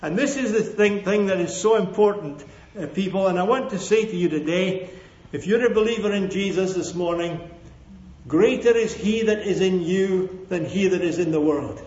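Male preacher, high voice, emphatic repeated lines and calls for amen; roomy lo-fi church recording. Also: normal speed, darkish tone. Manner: emphatic, repeats key phrases, asks the congregation for amens. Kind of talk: sermon. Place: church hall with a congregation. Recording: echoey, dull lo-fi sermon recording.

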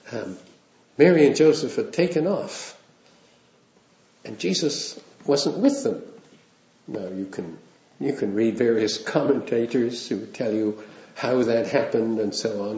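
A man's voice: lowish voice, a little mellow. A man preaching a sermon in a conversational way, with wry asides and small chuckles. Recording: roomy, dull lo-fi sound.

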